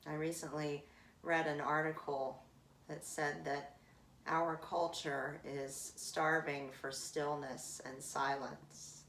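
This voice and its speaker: A woman leading a guided breathing meditation in calm, drawn-out phrases with long pauses. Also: low voice, gravelly, slight background noise. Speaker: meditation teacher. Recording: roomy echo from a distant mic.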